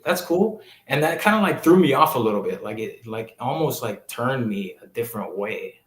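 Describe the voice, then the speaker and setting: A man in his thirties from Hawaii, a football coach telling stories as a guest on a casual interview podcast and lively acting out the people he quotes. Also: mid-range voice, brisk. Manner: animated storyteller who acts out quoted people. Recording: roomy echo.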